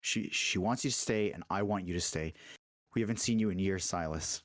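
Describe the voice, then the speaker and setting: A man's voice: deep voice, fairly quick, no echo, studio quality, lightly acted. A man voicing a stern, dismissive father who orders his grown son to stay home. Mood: insistent. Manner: cold, commanding.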